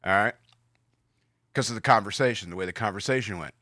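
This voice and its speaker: A man's voice: fairly low pitch, fast, sharp tone, no room sound, studio quality. A man co-hosting a podcast in casual chat, telling stories in a rambling way and acting out the quotes. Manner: rambling storyteller, acts out quotes. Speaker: podcast co-host.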